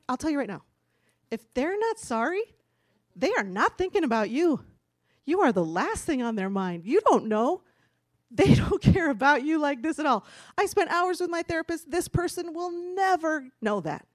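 A woman's voice: high-pitched, dry recording, studio quality. A woman giving a candid, chatty personal testimony from a church stage, laughing now and then as she talks. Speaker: speaker giving a church talk.

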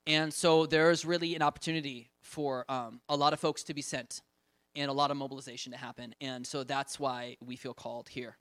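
A man's voice: mid-range voice, steady tone, fairly quick, fairly bright tone, dry recording. Chatty man giving a ministry talk. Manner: chatty, many fillers, laughs often, acts out quotes. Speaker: ministry trainer presenting. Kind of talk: casual talk with slides.

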